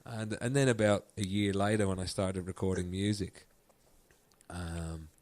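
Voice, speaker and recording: A man's voice: sits low, steady tone, measured pace, darkish tone, no room sound. A man from Ireland with an Irish accent, a guest musician telling a story in casual chat and laughing often.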